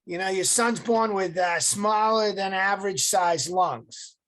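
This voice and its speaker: A man's voice: sits high, unhurried, a bit bright, voice pushed up. A man voicing an older, dismissive male doctor with a Massachusetts accent and a drawling, nasal delivery, over a video call.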